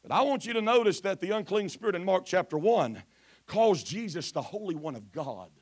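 A man preaching a sermon in church in a chanting, shouted cadence full of "uh" fillers, sometimes dropping to a quiet delivery. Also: animated, fairly quick. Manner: drops to quiet, low delivery at times. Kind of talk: Pentecostal sermon.

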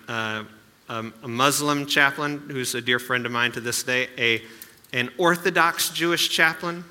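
A male pastor delivers a sermon in an easy, talking-it-through manner, tossing in asides and rhetorical questions. His voice is very bright and sharp-edged, at a mid pitch. The sound rings out with the long reverb of a big church hall.

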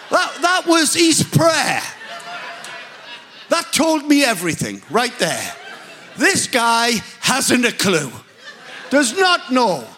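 Animated Northern English preacher man. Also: very high-pitched. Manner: humorous, animated, emphatic, self-mocking. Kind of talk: storytelling sermon.

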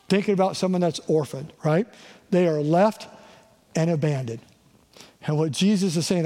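Pastor preaching in a reverberant hall. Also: male voice, on the high side, normal speed, warm tone. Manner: conversational, asks the crowd "right?" often. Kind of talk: sermon. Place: church sanctuary.

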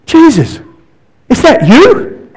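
A preacher putting on a bold, excitable young fisherman who calls out urgently from a rocking boat. The voice jumps up high and eager, straining to get the others to look. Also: slow pace, heavily acted. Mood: hopeful. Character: bold excitable male disciple in a storm-tossed boat.

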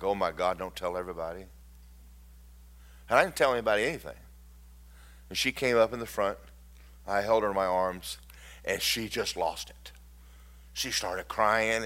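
A man preaching a sermon, swinging from loud declarations to hushed, tender storytelling. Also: on the low side.

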